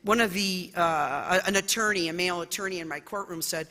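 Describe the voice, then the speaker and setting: A middle-aged woman judge from the United States, telling personal stories at a conference in an expressive, loud way with many fillers. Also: on the low side, fairly quick. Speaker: judge giving a conference talk. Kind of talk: conference speech, personal storytelling. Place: large conference hall. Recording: echoey conference hall.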